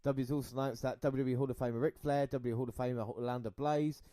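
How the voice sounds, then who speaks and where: A man co-hosting a casual podcast, chatting and reading news and listener shout-outs. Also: medium pitch, steady tone, quick pace, dry recording. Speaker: podcast co-host.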